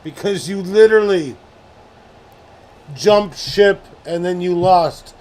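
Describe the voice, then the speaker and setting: A fairly high-voiced man chatting live on stream at his desk mic, loose and profane, piling on over-the-top sports-style praise. A faint hum of room noise sits under his voice. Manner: profane, rambling, hyped praise with mock-sports talk. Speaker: streamer host. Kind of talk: casual live-stream chat.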